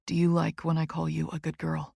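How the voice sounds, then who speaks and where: A woman voicing a dominant, teasing young man in an audiobook, speaking low, slow and commanding. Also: completely flat delivery, vocal fry, dark tone, husky, no room sound, clean studio sound, exaggerated voice. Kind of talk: audiobook character voice.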